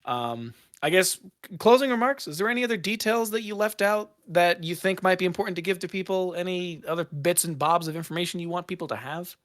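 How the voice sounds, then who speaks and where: A man hosting a laid-back podcast, his voice pitched a touch high for a man. He rambles through his questions, stopping and restarting as he goes. The talk is loose and informal. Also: a little fast, few pauses, fairly bright tone. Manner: rambling, self-correcting questions with frequent fillers. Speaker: podcast host. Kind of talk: casual chat.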